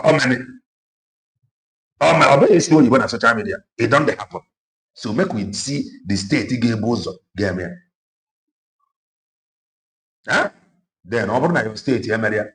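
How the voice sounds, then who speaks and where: A Nigerian man with an Igbo accent preaches his commentary in a lively, animated way. He switches languages freely and keeps throwing rhetorical questions at the listener. His voice sits somewhat low.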